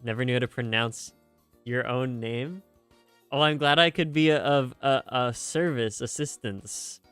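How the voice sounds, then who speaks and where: A young man talking loosely to his stream chat, full of fillers, restarts and self-mocking jokes. His voice is smooth and clear, recorded close and dry. Faint music plays behind him. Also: medium pitch, unhurried, a bit bright, no echo. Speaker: streamer reacting to game music. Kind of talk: casual live-stream chat.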